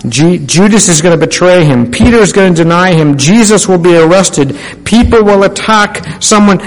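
A man's voice: animated, normal speed, in a large hall, low-quality recording. A man preaching a sermon, emphatic, rising on key words and asking listeners direct questions. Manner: emphatic, rising on key phrases, drops low at the ends of statements.

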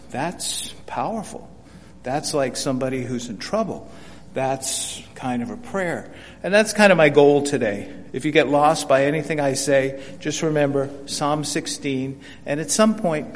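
Older guy leading bible study, folksy, repeats himself, acts out quotes, echoey church hall. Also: a little high. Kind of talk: conversational Bible class teaching. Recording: reverberant hall with faint hum.

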